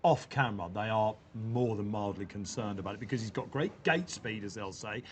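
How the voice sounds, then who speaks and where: A man hosting a racing preview outdoors, briskly quizzing his panel. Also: lowish voice, expressive, slight background noise. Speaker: host. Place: outdoors at a racecourse.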